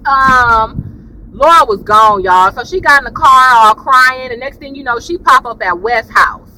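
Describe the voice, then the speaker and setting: A woman with a high voice rambling casually through a TV episode review while driving in her car, often saying "y'all". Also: a little slow, slight background noise, low-quality recording. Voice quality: high voice, especially when excited. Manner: chatty and rambling, laughs often, says "y'all".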